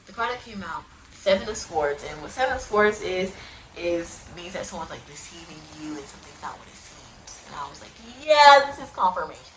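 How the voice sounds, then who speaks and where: A young woman casually telling her personal testimony into a phone, animated and prone to sudden loud outbursts, with uneven volume. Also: on the low side, fairly quick, poor audio. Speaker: person giving a religious testimony.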